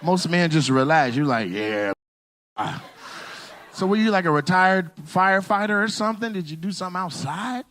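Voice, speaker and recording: A male comedian doing crowd work on a club stage, teasing the audience and shouting out punchlines. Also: sits high, fairly quick. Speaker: stand-up comedian.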